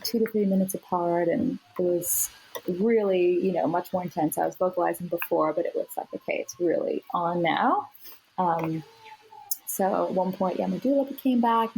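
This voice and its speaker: A woman's voice: medium pitch, fairly even intonation, normal speed, gravelly, a little mellow, a little hiss or hum, rough recording. A woman guest on a podcast, telling her birth story in a casual, chatty way with plenty of fillers and laughs.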